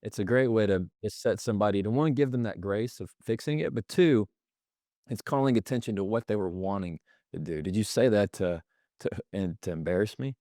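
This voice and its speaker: Low-voiced man explaining calmly. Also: a little fast, no echo, studio quality. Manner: explains with examples, acts out quoted lines. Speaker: podcast guest, communication expert. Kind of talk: conversational explanation.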